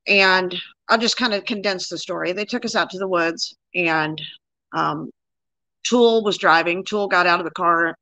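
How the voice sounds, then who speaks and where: A woman's voice: fairly low pitch, normal speed, bright, forceful tone, dry recording, rough recording. A woman in her sixties, a guest plainly recounting her own experience in a casual interview.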